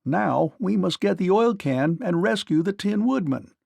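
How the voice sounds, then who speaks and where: A male reader doing a boastful storybook scarecrow, high and excitable, lively and gravelly. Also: measured pace, no echo, studio quality, full character voice. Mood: eager. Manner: high, eager and exclaiming.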